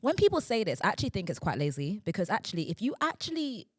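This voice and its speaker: A woman's voice: medium pitch, big pitch swings, quick pace, no room sound, studio quality. A woman co-hosting a podcast in casual chat, arguing her point earnestly and firmly. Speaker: podcast co-host.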